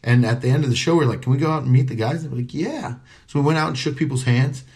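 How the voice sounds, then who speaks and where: A man's voice: mid-range voice, racing, darkish tone. A comedian telling a story in casual chat. He acts out the voices of people he quotes and swears freely.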